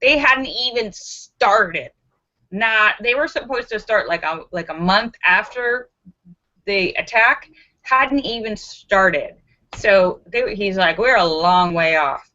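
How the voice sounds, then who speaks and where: A woman's voice: medium pitch, expressive, slow pace, pushed and bright, muffled recording. A woman hosting a live stream, chatty, greeting viewers by name and reading out their jokes.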